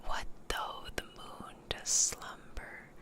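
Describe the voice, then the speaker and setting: A young woman reading love poems aloud in a soft whisper, in a whispered role-play on her stream, her throat a little sore from it. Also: takes it slowly. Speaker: VTuber streamer.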